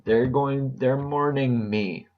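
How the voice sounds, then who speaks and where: A man of middle pitch talks slowly and earnestly, pausing often and repeating words as he gathers his thoughts. His voice comes through a dull, muffled lo-fi recording. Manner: earnest, halting, repeats phrases as he searches for words. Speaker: vlogger sharing a personal update. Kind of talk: reflective personal monologue.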